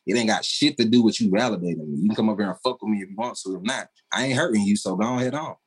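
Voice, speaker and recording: A man's voice: on the low side, racing, husky, low-quality recording. A man in casual podcast conversation, talking emphatically in slang and laughing often.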